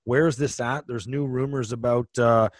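The podcast co-host, once a hockey player, tells rambling stories in casual chat, restarting frequently. His voice is mid-range with fairly even intonation, he speaks at a normal speed, and there's no echo.

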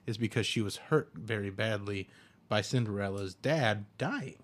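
A man's voice: on the low side, normal speed, slight background noise. A man rambling through crude jokes in casual comedy podcast banter.

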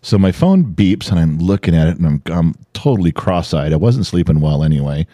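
Older man telling lively, animated stories. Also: deep voice, a little fast, no room sound. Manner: animated storytelling, acting out voices. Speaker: podcast co-host. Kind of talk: casual chat.

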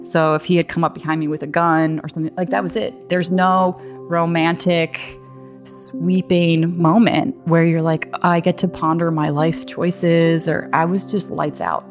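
A young woman with a notably low voice tells a personal story in a loose, conversational way. She fills her talk with ums and likes and laughs easily. Faint music plays softly behind her. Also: little pitch movement, unhurried. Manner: chatty, laughing, many fillers.

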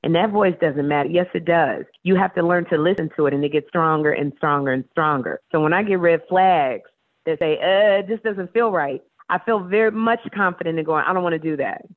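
A woman talk show host, a guest in a casual radio interview, telling stories in a playful, animated way. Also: low voice, brisk. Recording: tinny phone line.

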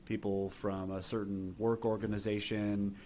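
A low-voiced man hosting a podcast who explains ideas in a measured, steady way. Faint noise sits under his voice. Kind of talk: conversational podcast talk.

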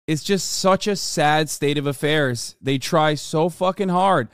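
A man streaming political commentary, reacting to news clips with profane, sarcastic remarks and sudden loud outbursts. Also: fairly high pitch, a little slow, few pauses, clean tone, no echo, studio quality.

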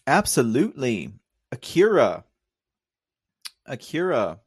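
A man's voice: medium pitch, huge pitch swings, slow, slightly rough, dry recording, studio quality. A man with a Texan drawl hosting a casual live stream, rambling, laughing often and talking straight to his chat. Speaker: livestream host.

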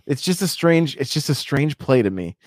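A man's voice: medium pitch, lively intonation, moderate pace, dry recording, clean studio sound. A man co-hosting a casual group chat about games, hesitant and full of restarts, with self-deprecating laughs. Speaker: podcast co-host.

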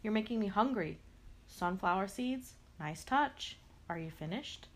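A woman's voice: medium pitch, animated, unhurried, a little hiss or hum. A woman reading a picture book aloud, talking playfully to the character and adding sound effects. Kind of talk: expressive read-aloud to a character.

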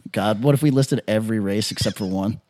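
A man's voice: lowish voice, moderate pace, a little mellow. A man co-hosting a podcast, talking in brash, profane, joking banter. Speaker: podcast co-host. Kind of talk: casual crude podcast banter.

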